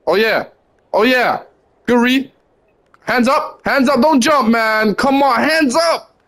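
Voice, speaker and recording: High-voiced young man bossing teammates. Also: fairly bright tone. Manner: rapid repeated commands and teasing. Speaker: gamer coaching teammates on voice chat. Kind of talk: live voice chat while playing a basketball video game.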